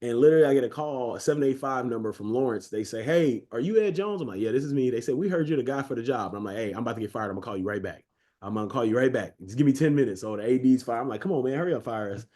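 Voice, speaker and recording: Fast-talking man telling a story. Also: medium pitch. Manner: lively storyteller who acts out quoted dialogue; casual and self-mocking, addresses listeners directly. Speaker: webinar presenter. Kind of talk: storytelling webinar talk.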